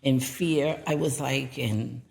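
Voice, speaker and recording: A woman guest on a podcast, telling a personal story in a low-key, rambling way with many fillers. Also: slow, vocal fry, darkish tone. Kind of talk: casual storytelling.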